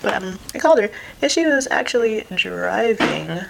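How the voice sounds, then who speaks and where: A woman's voice: medium pitch, very animated, moderate pace, gravelly. A young woman chatting while doing her makeup at home, rambling with lots of "like" and frequent laughs. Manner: rambling, says "like" constantly, laughs often; acts out her mom's voice in quotes. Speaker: vlogger. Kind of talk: chatty get-ready-with-me vlog. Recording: noisy home recording.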